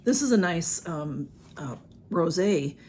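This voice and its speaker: A woman's voice: fairly low pitch, lively intonation, takes it slowly, noisy background. A woman, chatting casually through an unboxing with lots of ums and restarts. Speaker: vlogger. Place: home room with a ring light.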